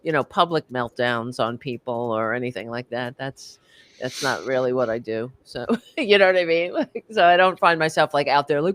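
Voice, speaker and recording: A woman with a New York accent chatting casually on a panel over a video call, animated and rambling, laughing often. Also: very deep voice, normal speed.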